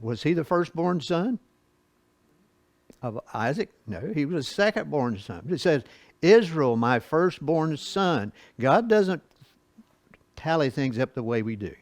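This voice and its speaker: A man teaching a Bible study lesson, reading scripture slowly and explaining it in a folksy way with asides and chuckles. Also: on the high side, big pitch swings, no echo.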